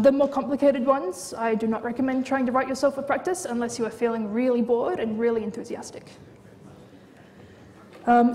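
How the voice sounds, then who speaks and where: High-voiced woman lecturing in a hall. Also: darkish tone. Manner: casual, chatty, many fillers. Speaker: university lecturer.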